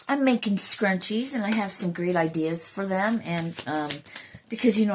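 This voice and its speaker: A woman giving an emotional, earnest spiritual card reading, sometimes dropping into soft whispers and swearing casually. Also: mid-range voice, a little hiss or hum. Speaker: intuitive card reader.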